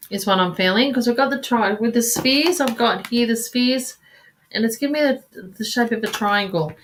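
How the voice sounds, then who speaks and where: A woman giving a live card reading, halting and searching for words, sighing often and calling listeners sweetheart and darling. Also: on the high side, a bit bright. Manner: halting, searching, with frequent sighs and restarts. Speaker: card reader.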